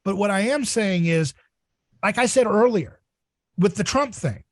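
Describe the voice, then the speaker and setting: A man hosting a casual podcast discussion, talking in a rambling, animated way. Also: measured pace, no echo. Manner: rambling and animated, acts out voices in shrill squeals. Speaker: podcast host.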